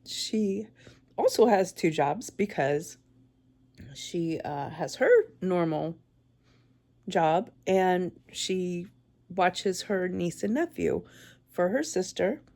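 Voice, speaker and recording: A woman in her forties giving a tearful, halting vlog, crying as she talks. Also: on the low side, expressive, dark tone. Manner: tearful, halting, with many pauses and restarts. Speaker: vlogger. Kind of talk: emotional personal vlog.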